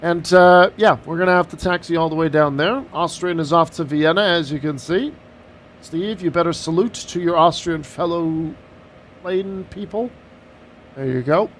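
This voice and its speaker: Streaming a flight simulator, this man chats and jokes casually as he walks through the cockpit setup step by step. His voice is on the high side and a bit bright, at normal speed, with a little hiss or hum in the recording.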